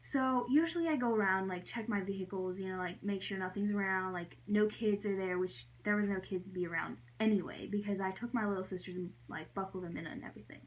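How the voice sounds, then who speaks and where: Young woman vlogger, casual storytime, rambly, animated, heavy "like" fillers. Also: fast, few pauses, rough recording. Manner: animated, jumping high when acting out her own reactions.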